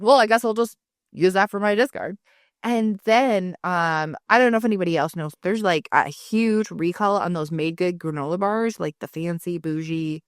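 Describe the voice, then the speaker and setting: A woman co-hosting a casual podcast, her voice mid-pitched and dry in a close mic. She tells stories with lots of energy, slipping into small character voices for the people she quotes. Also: dry recording. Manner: animated storyteller, acts out quoted people. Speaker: podcast co-host.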